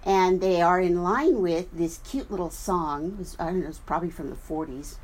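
A woman minister giving a sermon at a spiritual center, explaining things deliberately and spelling out words as she goes. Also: fairly low pitch, darkish tone, husky, rough recording.

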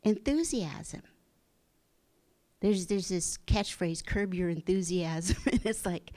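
A woman giving a gentle, earnest inspirational talk, dropping into soft whispers for emphasis. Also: lowish voice, moderate pace. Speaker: spiritual speaker.

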